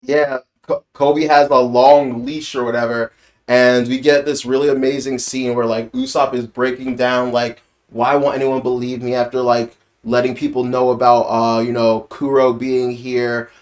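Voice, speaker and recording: A man's voice: medium pitch, a little slow. Rambling man reviewing a show. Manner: rambling, animated, with frequent "like" fillers and laughs. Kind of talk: casual review commentary.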